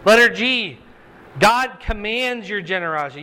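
A man with a fairly high voice preaches through a Bible passage in a lively, teaching way, and his pitch jumps up sharply whenever he speaks the words of God. He pauses often to ask his listeners "okay?" and "right?". A faint hiss of noise sits under the voice. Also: poor audio. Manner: animated, swings pitch high when voicing God's words, checks in with "okay?". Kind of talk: sermon, Bible study teaching.

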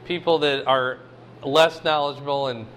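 A man's voice: mid-range voice, steady tone, moderate pace, fairly bright tone, a little hiss or hum. A man in his fifties preaching a casual sermon in a folksy way, with joking asides. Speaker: pastor.

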